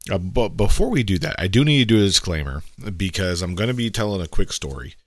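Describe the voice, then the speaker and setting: A man's voice: deep voice, fast, no room sound. A man in his thirties hosting a podcast, telling a story casually and acting out the voices in it. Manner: animated, acts out quoted voices, laughs while telling. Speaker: podcast host.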